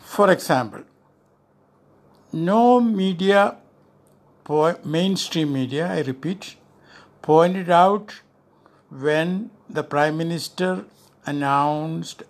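An older man, a former ambassador, answering an interview question in a measured, emphatic way, stressing key words. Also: a little high. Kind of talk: deliberate spoken commentary.

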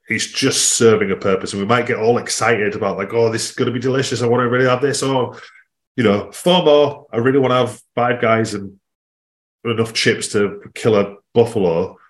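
A man, a fitness coach co-hosting a podcast, talking in a casual, animated way. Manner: animated, jumps in pitch for emphasis.

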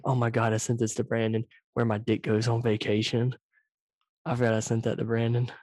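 A man hosting a casual podcast over a video call, telling stories in an animated, profane way, very close to his microphone. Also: mid-range voice, a little fast, dry recording. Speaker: podcast host. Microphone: too close to the microphone, loud.

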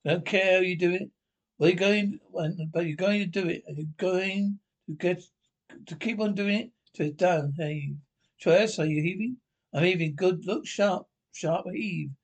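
A man with a British accent in a 1970s British film comedy, trading barked army orders and quick banter. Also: high-pitched. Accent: British English. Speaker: army officers and sergeant major. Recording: film soundtrack.

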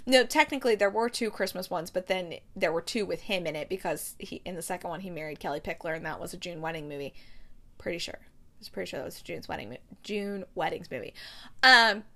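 Chatty bright-voiced woman rambling. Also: mid-range voice. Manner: chatty, rambling, many fillers and self-corrections. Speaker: podcast host reviewing TV movies. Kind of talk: casual chat.

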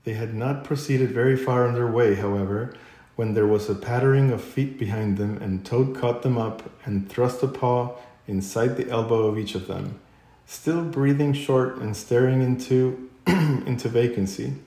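A man narrating a children's classic aloud, unhurried, with occasional slips and throat-clearing. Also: mid-range voice, warm tone. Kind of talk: storybook reading aloud. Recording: echoey room.

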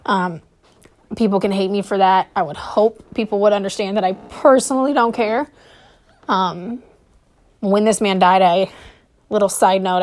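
A woman's voice: medium pitch, a little mellow. Nervous, hesitant woman telling her story. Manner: hesitant, with frequent pauses and fillers. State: nervous and short of breath. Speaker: podcast host. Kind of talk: personal storytelling monologue.

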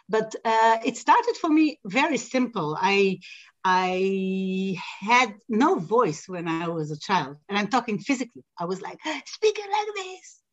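A woman guest on a podcast, a singer and sound healer, telling her story in an animated way with frequent hesitations. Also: medium pitch, dull audio. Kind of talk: casual podcast interview.

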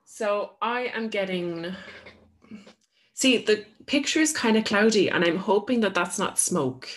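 A woman's voice: mid-range voice, unhurried. A woman co-hosting a casual podcast, making up a story as she goes with lots of fillers. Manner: rambling, filler-heavy storytelling. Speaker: podcast co-host.

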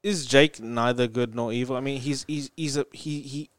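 A man co-hosting a podcast who keeps asking questions and slips in dry jokes. His voice is smooth and clear at a middle pitch. It is recorded dry and close. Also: steady tone, normal speed, dry recording. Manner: asks questions, jokes dryly. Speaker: podcast co-host. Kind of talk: casual chat.

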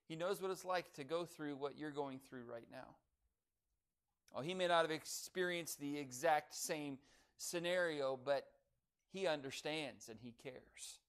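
A man preaching a sermon, building to loud emphatic declarations and dropping soft on key phrases. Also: fairly high pitch.

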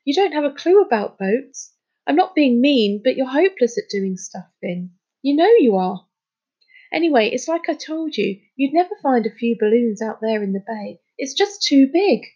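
A woman's voice: sits high, lively intonation, moderate pace, mellow, breathy edge, muffled recording, pitched above the performer's own voice. A woman reading a storybook, voicing a blunt, cocky young boy who is proud of his boat. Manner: blunt, boastful.

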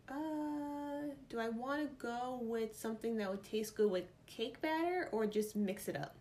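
A woman's voice: a little high, a little hiss or hum. Chatty woman musing over quiz answers. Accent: New York. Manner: chatty, playful, reads options aloud and muses. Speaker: vlogger. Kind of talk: casual chat, thinking aloud.

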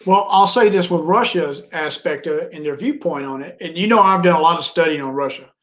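Dude co-hosting a podcast, kinda high voice, blunt, swears a bit. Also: male voice, brisk, fairly bright tone. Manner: blunt, mild cursing. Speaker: podcast co-host. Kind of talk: casual political commentary.

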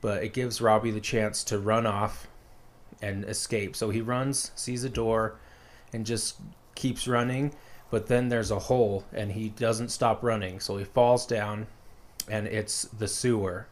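A man's voice: on the low side, fairly even intonation, unhurried. A man casually retelling a story as a podcast co-host, rambling with lots of fillers.

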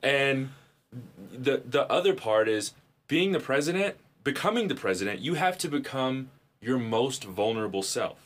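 A man co-hosting a podcast, telling stories in casual chat with lots of profanity and animated turns. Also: medium pitch, moderate pace. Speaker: podcast co-host.

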